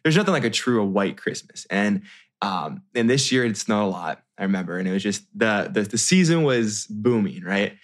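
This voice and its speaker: A man in his thirties from the United States telling a personal story in a casual, animated way, with many restarts and fillers. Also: fairly low pitch, moderate pace. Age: 30s.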